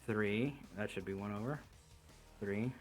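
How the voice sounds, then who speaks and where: A man's voice: fairly low pitch, measured pace, soft background music. Man running a tabletop game, rambling. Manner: rambling, laughing narration full of fillers. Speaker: game master. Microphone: computer headset or desk mic on a voice call.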